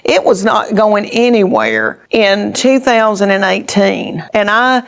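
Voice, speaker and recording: A woman's voice: mid-range voice, expressive, slow, creaky. A woman, a stand-up comedian telling stories in an interview in a chatty, rambling way full of restarts. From Tennessee, USA. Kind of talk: interview storytelling.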